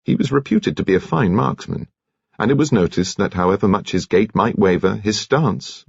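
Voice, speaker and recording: Husky, expressive male audiobook narrator. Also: low voice, no echo. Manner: measured, expressive storytelling. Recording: dry, dull audiobook studio recording.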